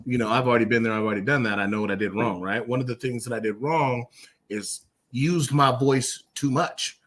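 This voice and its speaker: A middle-aged father speaking in a casual men's discussion circle, emphatic and animated, acting out quotes as he tells his story. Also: mid-range voice, a little fast.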